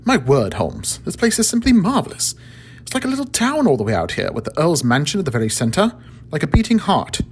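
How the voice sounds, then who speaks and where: A man doing an eager, high Victorian doctor. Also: wildly swooping pitch, fairly quick, husky, heavily acted. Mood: amazed. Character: excited Victorian doctor, male narrator's friend.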